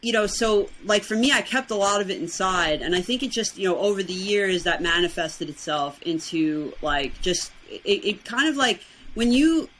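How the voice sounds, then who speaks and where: Woman, New York accent, quick chatty talk, crisp bright tone, faint hiss behind. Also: medium pitch, expressive, rough recording. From Brooklyn, New York. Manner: fast, chatty, laughs often. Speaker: podcast guest. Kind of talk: casual interview chat.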